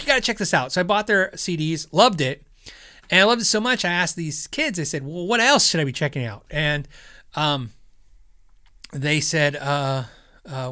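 A man's voice: fairly high pitch, bright, forceful tone. A middle-aged man hosting a podcast, rambling through listener questions in a self-deprecating way and laughing often. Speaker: podcast host. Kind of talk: casual chat.

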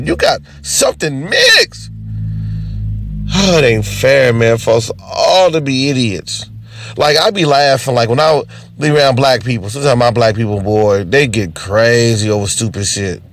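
A man's voice: mid-range voice, dry recording. A man doing an unscripted, profane comedy rant as a stand-up comedian. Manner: profane, animated, ranting.

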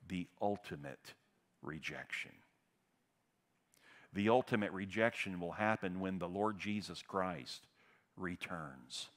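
A pastor delivering a sermon, swinging between loud, emphatic stress and low, quiet drops. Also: male voice.

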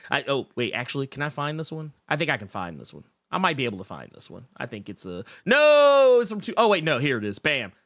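Man, livestream host, lively up-and-down pitch, rambling, dry close sound. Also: dry recording. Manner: rambling, self-interrupting, emotional. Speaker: podcast host reading live chat. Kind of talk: casual livestream chat.

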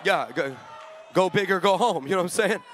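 A male pastor preaching a sermon, telling stories with lively energy, acting out the people in them, and bursting into shouts. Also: sits high, brisk, some chatter behind, slight background noise. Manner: acts out the people in his stories.

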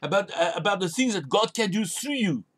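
A man's voice: high voice, expressive, brisk, a bit bright, slightly rough. A man preaching a sermon as a pastor, urging listeners with emphatic, repeated commands. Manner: emphatic, repetitive exhortation.

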